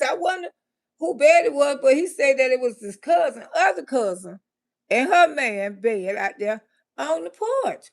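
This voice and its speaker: A woman tells a comic story live, animated and quick to laugh. Her voice is very high with a rough, gravelly fry. She curses freely as she acts out the scene. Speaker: comedian storyteller. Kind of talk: live story-time comedy.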